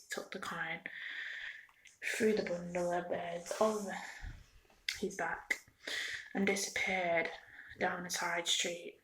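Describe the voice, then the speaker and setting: ASMR storyteller, woman, soft and half whispered, a touch low in pitch. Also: flat delivery, takes it slowly, long pauses, a little hiss or hum, poor audio. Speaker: ASMR reader. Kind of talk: soft-spoken ASMR reading.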